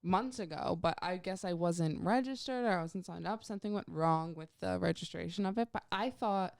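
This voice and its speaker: A woman's voice: on the low side, moderate pace, gravelly. A young woman in her twenties co-hosting a podcast, telling casual stories with lots of swearing and acted-out quotes. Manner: swears freely, animated storytelling with acted-out quotes. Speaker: podcast co-host. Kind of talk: casual chat.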